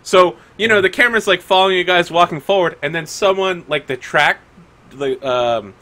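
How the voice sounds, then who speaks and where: Bright-voiced male game master. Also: sits high, normal speed. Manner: rambling, many likes. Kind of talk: narrating a tabletop game.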